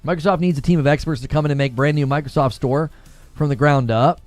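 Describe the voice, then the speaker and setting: A man's voice: on the high side, fast, a little mellow, no echo, soft background music. A man hosting a casual gaming livestream, reading chat and talking back to it, laughing often.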